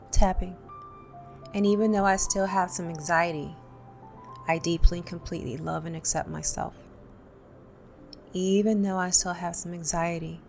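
Low, gravelly-voiced woman guiding tapping. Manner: calm, repeats affirmations for listeners to echo. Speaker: tapping instructor. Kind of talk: guided tapping session.

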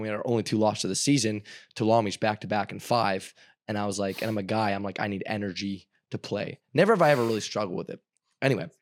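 A man's voice: lowish voice, no room sound, studio quality. A young man co-hosting a podcast, telling a rambling story in casual chat and acting out the quotes. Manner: rambling, repeats words, acts out quotes. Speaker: podcast co-host.

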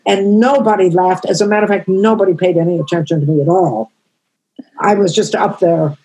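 Older woman in her 80s; husky, halting, emotional; interview guest. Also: on the low side, fairly even intonation, warm tone, low-quality recording. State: crying. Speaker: comedian guest. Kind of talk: storytelling interview answers.

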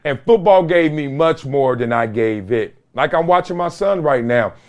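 A man's voice: on the high side, animated, moderate pace. A middle-aged man hosting a podcast, telling a story in an emphatic, casual way with slang and repeated phrases. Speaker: podcast host. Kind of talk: solo podcast monologue.

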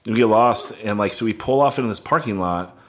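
A man's voice: on the low side, fast, a bit bright. A young man casually telling a rambling, profane tour story, full of "like" and laughs. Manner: rambling, heavy on "like", swearing, laughing.

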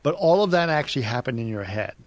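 A man's voice: medium pitch, very animated, fast. A man co-hosting a casual podcast chat, telling stories in a rambling, self-correcting way. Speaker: podcast co-host.

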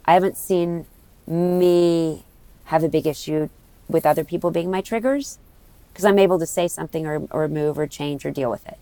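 Low-pitched american woman rambling on as a guest, lots of restarts. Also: normal speed, mellow, no echo. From United States. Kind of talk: candid interview chat.

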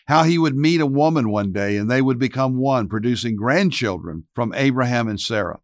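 A man narrating a Bible story in a calm, reflective way. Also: mid-range voice, normal speed, no echo, clean studio sound.

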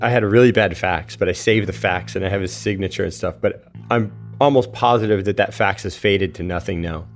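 Low-voiced man recounting an anecdote, faint guitar underneath. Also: fairly quick. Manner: relaxed storytelling with fillers and quoted dialogue. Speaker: interviewee, professional surfer. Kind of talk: casual anecdote.

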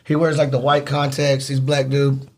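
A man, a rapper chatting casually on a podcast, animated and profane and quick to laugh. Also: mid-range voice. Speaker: rapper guest.

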